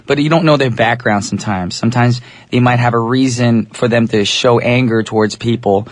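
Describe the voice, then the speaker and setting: A man with a mid-range, slightly raspy voice chats in English as an easygoing radio DJ, speaking briskly with few pauses and a steady tone. He talks straight to his listeners in a dry studio recording.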